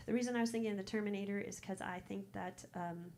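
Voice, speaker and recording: A woman's voice: medium pitch, steady tone, quick pace, warm tone, slight background noise. A woman in her fifties with a Minnesotan accent talks at an open mic in a coffee shop, nervous and chatty. She fills her sentences with ums. A faint murmur of ambience sits under her voice. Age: 50s. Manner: nervous, chatty, rambling with fillers and laughs. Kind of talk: casual chat before a poem.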